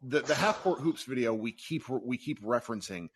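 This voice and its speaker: A man's voice: medium pitch, moderate pace, background noise. A man hosting a live call-in sports podcast, talking casually and venting in bursts. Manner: animated, swears and vents in bursts. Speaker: podcast host. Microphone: remote live-stream call.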